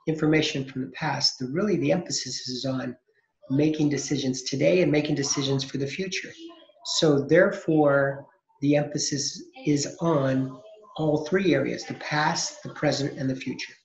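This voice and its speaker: A man teaching an accounting lesson, explaining step by step and posing questions he then answers himself. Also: fairly high pitch. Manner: explanatory, asks and answers his own questions, frequent restarts. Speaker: accounting instructor. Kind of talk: recorded lecture. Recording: echoey, dull lo-fi recording.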